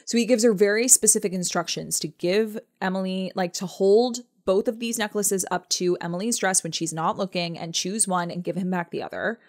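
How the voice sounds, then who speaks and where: A woman's voice: mid-range voice, a little fast, few pauses, darkish tone. Chatty woman podcast co-host. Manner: chatty, laughs often, acts out quotes. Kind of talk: casual chat recapping a TV episode.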